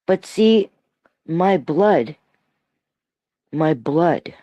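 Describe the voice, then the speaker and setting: Woman in her 60s, livestream host, slow and lively in pitch, mellow tone, rambling and chatty. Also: no room sound, muffled recording. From Toronto, Canada. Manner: rambling, laughs often, reads chat aloud. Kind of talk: casual solo livestream chat. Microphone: streaming mic.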